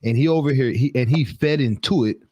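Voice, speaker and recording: A man on a casual podcast panel, quick and jokey, often talking over the others. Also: medium pitch, darkish tone. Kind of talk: casual debate among friends.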